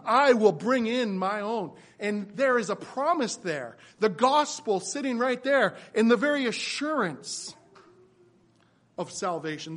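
Man, pastor, sermon, high voice, earnest, repeats phrases. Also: a bit bright.

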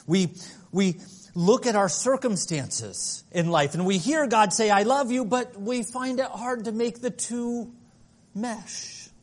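A man preaching a sermon, earnest and dynamic, shifting between soft passages and emphatic ones. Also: sits high, slow pace. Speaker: pastor.

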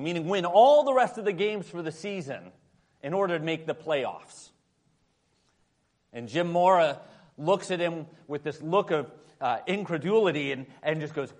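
High-voiced man preaching with dramatic swings. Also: expressive, normal speed. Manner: dramatic, swings from loud to hushed. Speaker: pastor. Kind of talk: sermon.

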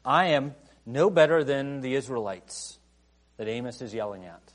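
A man preaching a sermon in a conversational way, full of "you know" fillers, who rises to emphatic outbursts and then drops quiet. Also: medium pitch, animated, normal speed. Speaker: pastor.

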